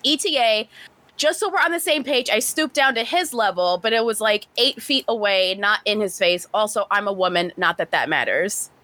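Woman, podcast host, story reading, animated, bright tone, dry close sound. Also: medium pitch, normal speed, no room sound. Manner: animated, swears casually, laughs often. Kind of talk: reading a story aloud and casual chat.

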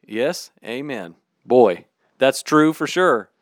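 A man preaching a sermon in an emphatic, candid, animated way. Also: fairly high pitch, measured pace, no echo, studio quality.

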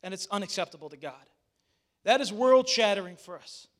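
High-voiced pastor preaching a lively sermon. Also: male voice, brisk. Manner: animated, addresses the congregation directly; conversational asides with restarts.

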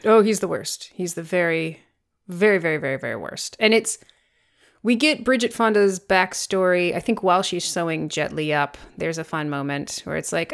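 Sarcastic, animated woman co-host. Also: on the low side, moderate pace, gravelly. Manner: sarcastic, animated storytelling with swearing. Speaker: podcast co-host. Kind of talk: casual chat reviewing a film.

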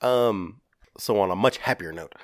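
A man's voice: lowish voice, moderate pace, no echo, clean studio sound. A man co-hosting a casual podcast, reacting with short disgusted quips. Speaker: podcast co-host.

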